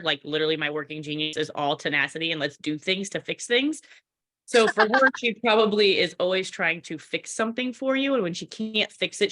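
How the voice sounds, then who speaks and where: Blunt, animated woman coach. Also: fairly low pitch. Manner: blunt, animated and self-deprecating, often laughing. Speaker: workshop co-host and coach. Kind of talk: casual advice in a virtual workshop.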